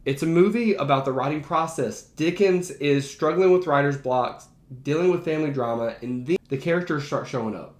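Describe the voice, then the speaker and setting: A man's voice: on the high side, a little fast, darkish tone. A man who works as a teacher, ranking favorite movies in a casual, enthusiastic and emphatic way. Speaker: teacher and behavior analyst. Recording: roomy echo.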